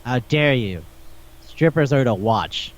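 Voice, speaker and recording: A man hosting a podcast, retelling an anime episode in a profane, excitable way. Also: mid-range voice, slow pace. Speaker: podcast host. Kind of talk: casual chat. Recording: dull lo-fi podcast audio.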